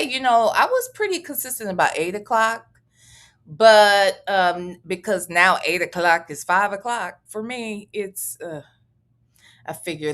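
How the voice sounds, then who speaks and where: A woman's voice: on the low side, fairly bright tone. A woman hosting a casual livestream, chatty and profane, reading out viewer messages and thanking them. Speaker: livestream host.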